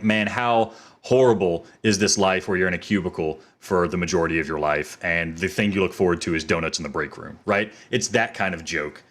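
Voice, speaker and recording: Male game reviewer, lowish voice, playful mock-trial delivery. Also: a little fast, few pauses, a bit bright.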